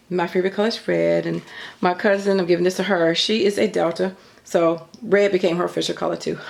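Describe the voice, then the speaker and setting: A middle-aged woman talks through her crafts at a home table in a loose, rambling vlog, with plenty of ums. Her voice sits a bit low and carries a gravelly edge, and she sounds a little winded. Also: darkish tone. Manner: chatty, rambling, filler-heavy. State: a bit out of breath. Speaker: craft YouTuber. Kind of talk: casual show-and-tell vlog.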